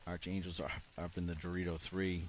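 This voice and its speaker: A man's voice: low-pitched, flat delivery, brisk. A middle-aged man with a Boston accent doing live sports commentary, explaining tactics as the play unfolds.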